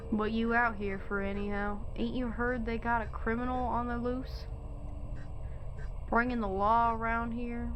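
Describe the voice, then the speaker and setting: A woman's voice: on the high side, slight background noise, natural voice, poor audio. A woman reading aloud a grumbling old male river drifter from a game, in blunt country talk.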